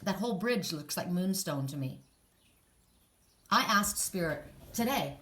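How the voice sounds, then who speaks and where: A woman giving a casual spiritual card reading, talking straight to the listener in a rambling way, with restarts and soft sighs. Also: fairly low pitch, expressive, a little slow, long pauses. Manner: emotional, soft and sighing in places. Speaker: psychic card reader.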